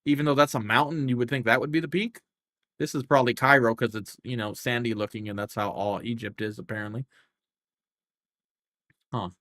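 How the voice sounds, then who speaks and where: A man's voice: medium pitch, fairly even intonation, a little fast, long pauses, fairly bright tone, no room sound. Profane rambling male game streamer. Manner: profane, rambling, thinking aloud while scrolling menus. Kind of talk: casual live game-stream chatter.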